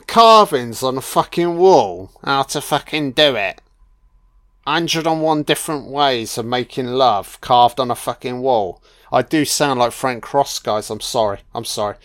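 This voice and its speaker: A man's voice: medium pitch, animated, unhurried, a bit bright, dry recording, studio quality. A man giving a casual, laid-back film commentary, swearing freely and often adding "you know".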